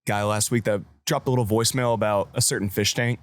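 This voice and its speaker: A man's voice: lowish voice, fairly even intonation, fast, no room sound. A man on a casual podcast who teases the host and reads a listener's message aloud.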